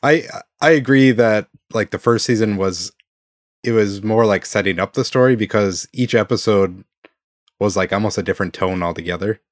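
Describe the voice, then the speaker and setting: Deep-voiced laid-back man, dry sound. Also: normal speed, dry recording. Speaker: podcast co-host. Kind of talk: casual chat.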